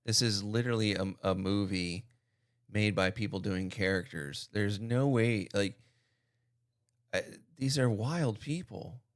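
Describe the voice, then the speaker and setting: A man's voice: lowish voice, measured pace, dry recording, clean studio sound. A man hosting a reaction video, riffing bluntly and profanely in crude commentary.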